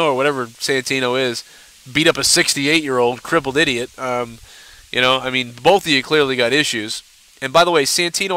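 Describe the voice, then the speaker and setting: A man's voice: a little high, bright, forceful tone, no echo, low-quality recording. A male live-show host in a mocking, combative rant to camera, swearing heavily. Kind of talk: angry profane rant to camera. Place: seated at home in front of a camera.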